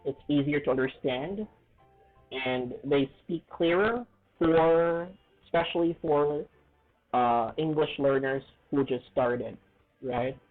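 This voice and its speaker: A man teaching an English lesson in a casual, earnest way, often checking in with "okay?" and "right?" and stressing words slowly. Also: fairly high pitch, soft background music. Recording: tinny phone-like audio.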